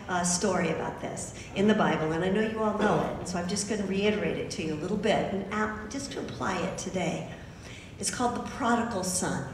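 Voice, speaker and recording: A woman preacher giving a sermon, telling a story with emphatic, animated asides. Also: mid-range voice, recorded from a distance, noisy background. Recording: echoey hall recorded from afar.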